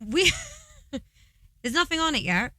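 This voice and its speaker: A woman's voice: high voice, big pitch swings, unhurried, sharp tone, dry recording, low-quality recording. Playful woman, dry mic. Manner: playful, laughs often. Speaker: podcast co-host. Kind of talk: casual chat.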